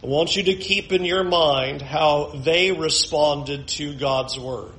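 A male pastor preaching a conversational sermon, moving between hushed asides and emphatic points. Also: a little high, slow pace, low-quality recording.

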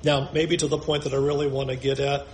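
A man's voice: mid-range voice, little pitch movement, fast talker, a little hiss or hum. A man preaching a sermon as pastor, emphatic, often acting out the voices of the people he quotes. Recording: roomy echo.

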